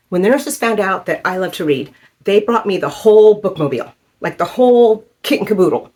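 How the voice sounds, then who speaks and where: A woman in her fifties telling a personal story in a halting, emotional way, with many fillers. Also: mid-range voice, lively intonation, warm tone. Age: 50s. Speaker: vlogger.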